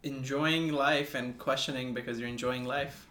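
A man's voice: mid-range voice, steady tone, moderate pace, a crowd in the background. A man co-hosting a podcast in casual chat, mostly giving short replies and teasing quips. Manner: brief backchannels, teasing quips. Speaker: podcast co-host. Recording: loud music under the voice.

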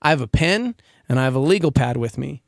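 A man's voice: medium pitch, animated, quick pace, vocal fry, dry recording, studio quality. A man co-hosting a radio show, talking in an earnest, emotional, casual way and laughing easily. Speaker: radio co-host. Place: radio studio. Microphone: studio microphone.

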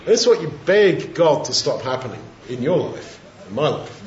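A man giving an informal, reflective Bible teaching in a conversational way, pausing with fillers as he thinks. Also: on the high side, very animated, crowd noise. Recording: roomy, dull lo-fi sound.

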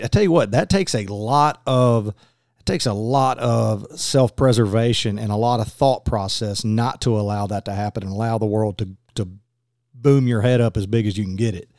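A man's voice: medium pitch, a little mellow, no echo, clean studio sound. Rambling man hosting a podcast. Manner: friendly, rambling, repeats his words. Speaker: podcast host. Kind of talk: casual conversation.

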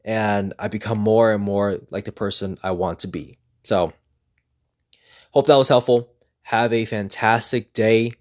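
A man's voice: lowish voice, fairly even intonation, normal speed. A man talking earnestly in a casual motivational vlog, rambling and repeating himself as he pushes himself on. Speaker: vlogger.

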